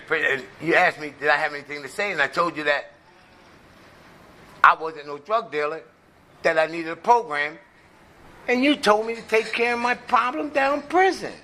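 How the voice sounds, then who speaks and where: Bright-voiced man telling his story. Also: a little high, slight background noise. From United States. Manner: storytelling, punctuated with "right?". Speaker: recovery meeting speaker. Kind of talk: personal testimony with jokes.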